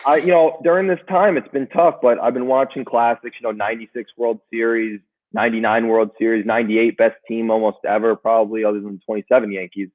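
A man's voice: mid-range voice, steady tone, fairly quick. A man talking enthusiastically as a co-host, a keen fan recalling old games. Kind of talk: casual chat. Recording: tinny phone-like line.

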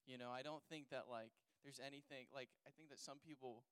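A young man speaks off the cuff on a panel, stacking fillers and restarting his thoughts. His voice is smooth and clear, recorded dry and up close. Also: mid-range voice, steady tone, brisk, a bit bright, no echo, rough recording. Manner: rambling, many fillers like "like" and "you know". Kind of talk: casual chat on faith and dating.

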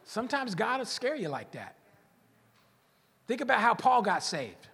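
A man preaching a sermon as pastor in a church, animated and joking, acting out the voices of churchgoers. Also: sits high, measured pace, vocal fry, slightly rough. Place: church hall. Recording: long church reverb.

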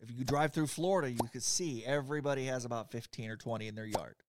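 A man's voice: medium pitch, fast talker, slight background noise. A man co-hosting a podcast, reading out trivia and teasing his partner playfully with plenty of giggles. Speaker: podcast co-host. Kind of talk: casual comedic chat, reading trivia.

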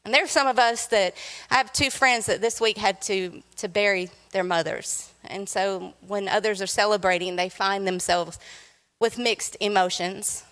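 A woman's voice: mid-range voice, steady tone, moderate pace, a bit bright. Woman, guest preacher, playful sermon, teasing the congregation, long hall reverb. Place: church sanctuary.

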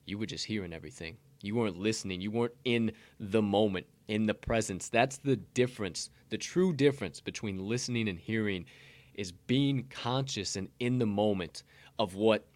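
A man with a lowish voice delivers a casual motivational segment on a podcast. He is blunt and profane, and he rambles and restarts as he talks. The sound is dry and close. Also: normal speed, no room sound.

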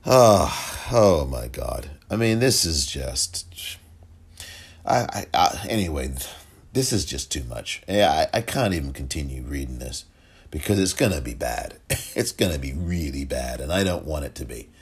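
A man hosting a solo commentary podcast, emotional and halting, often repeating himself. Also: very deep voice, expressive, slightly rough. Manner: emotional, halting, repeats himself, audibly moved to near tears. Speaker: podcast host.

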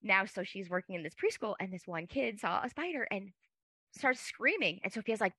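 A woman's voice: mid-range voice, expressive, a little fast, sharp tone, no echo. An American woman hosting a podcast, chatting casually and laughing easily. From United States. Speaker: podcast host.

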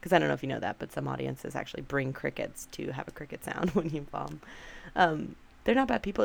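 A woman's voice: deep voice, fairly quick, gravelly. A young adult woman hosting a podcast alone, chatting casually and poking fun at herself, with many "like"s and "um"s. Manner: chatty, self-deprecating, many fillers like "like" and "um". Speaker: podcast host. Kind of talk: casual solo podcast chat.

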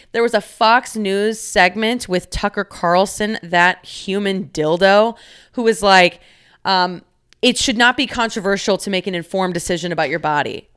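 A woman's voice: mid-range voice, a bit bright, smooth. A young adult woman hosting a casual solo podcast, talking candidly in a rambling way, with many fillers and free swearing. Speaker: podcast host.

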